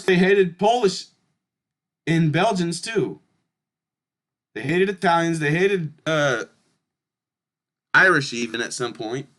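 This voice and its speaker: High-voiced man, blunt, emphatic commentary. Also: fairly bright tone. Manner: emphatic and blunt, swears, keeps addressing viewers as y'all. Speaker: channel host. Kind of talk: casual commentary reading through historical charts.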